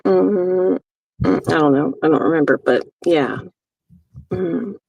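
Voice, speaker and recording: A woman's voice: fairly low pitch, slow, gravelly, a little mellow, no room sound, lo-fi sound. A woman hosting a casual livestream chat, rambling and gossiping with friends and mimicking other people. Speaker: livestream host.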